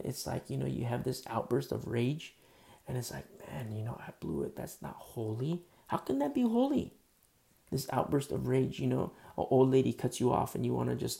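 A man's voice: mid-range voice, gravelly, warm tone. A man preaching a conversational sermon in a casual, earnest way, full of fillers. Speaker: pastor.

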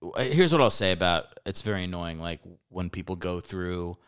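A man's voice: sits low, lively intonation, moderate pace, clean tone. A man in his thirties hosting a casual comedy podcast, talking animatedly, swearing freely and laughing often. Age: 30s. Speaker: podcast host.

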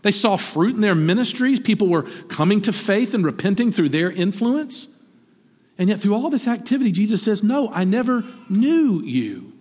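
A husky man preaching with lively swings in pitch, climbing high for emphasis and sinking low for quiet asides. His voice sits fairly high for a man. A long hall reverb trails behind every phrase. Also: fairly quick. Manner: animated, rising to emphatic peaks then dropping low. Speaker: pastor. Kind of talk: sermon.

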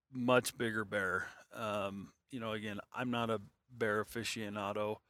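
A man's voice: lowish voice, a bit bright. A man telling a long hunting story in casual, rambling talk, full of fillers and restarts.

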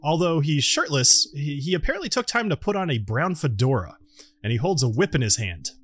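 A man narrating a tabletop game as game master, animated and full of fillers. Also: fairly high pitch, brisk.

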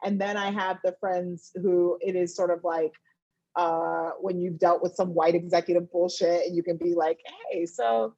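A woman in her thirties, a TV writer and director, talking casually as a guest and acting out her friends in sudden high-pitched bursts. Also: moderate pace, dry recording, lo-fi sound. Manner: animated, acts out friends' voices in high bursts, laughs often. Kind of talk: casual conversation.

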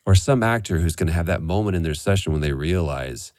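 A man in his forties tells stories on a podcast in a deep voice that swoops up and down with animation. He swears casually, and the sound is dry and close, with no room at all. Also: fast talker, no room sound. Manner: animated storyteller, swearing freely. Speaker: voice actor guest.

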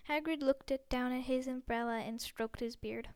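Smooth-voiced woman narrating a storybook. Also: sits high, steady tone, normal speed, a little mellow, no echo. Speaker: audiobook narrator. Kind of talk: scripted narration.

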